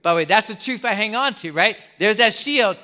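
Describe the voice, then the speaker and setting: A middle-aged man preaching a sermon as a pastor, putting questions to the congregation and pausing for effect. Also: high-pitched, lively intonation, pushed and bright.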